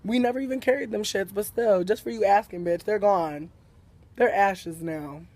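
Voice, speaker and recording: A man who works in a hat shop, ranting in a casual way about customers with sassy, profane, animated storytelling and mock quotes. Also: high voice, moderate pace. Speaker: hat shop retail worker. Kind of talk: casual rant to camera.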